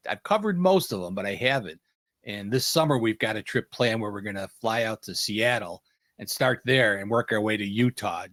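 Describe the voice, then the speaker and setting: A fairly low-pitched American man hosts a casual panel podcast, recorded dry. He tells stories animatedly, acting out any lines he quotes.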